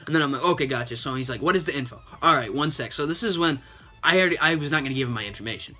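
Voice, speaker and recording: Sniffling and slightly under the weather, a young gaming YouTuber chattily retells his conversation with a scammer, full of sarcasm and repeated "and he's like." His voice is on the high side, expressive, sharp and rapid-fire, with soft music in the background of this casual vlog commentary.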